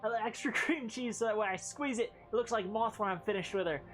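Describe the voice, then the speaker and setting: A woman's voice: on the high side, fast talker, soft background music, lightly acted. A woman doing a brash, boastful young man with a put-on Scottish accent. His talk is crude and exaggerated. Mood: cocky bragging. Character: brash Scottish lad bragging about his breakfast.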